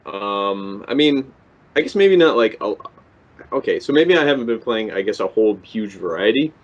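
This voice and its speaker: A man's voice: fairly low pitch, lively intonation, normal speed. A young man co-hosting a podcast, talking casually and hesitantly with many ums and restarts. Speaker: podcast co-host. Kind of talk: casual chat. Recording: dull lo-fi podcast recording.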